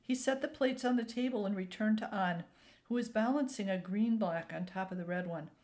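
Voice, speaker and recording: A woman hosting a youth storytime, reading a children's picture book aloud in a gentle, deliberate way. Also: mid-range voice. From Minnesota, USA.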